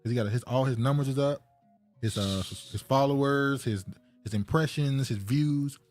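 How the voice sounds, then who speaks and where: Male co-host, mid pitch, relaxed chatty delivery, faint music. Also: normal speed. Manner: laid-back, talkative, laughs easily. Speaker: podcast co-host. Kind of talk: casual podcast chat.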